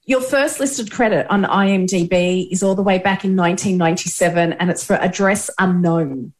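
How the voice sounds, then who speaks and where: A woman's voice: fairly low pitch, moderate pace. A woman interviewing a guest, eager and gushing in her questions.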